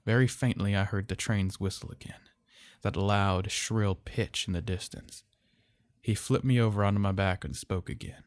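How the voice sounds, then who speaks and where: A man telling a horror story in slow, measured, somber narration. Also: fairly low pitch, fairly even intonation, no room sound.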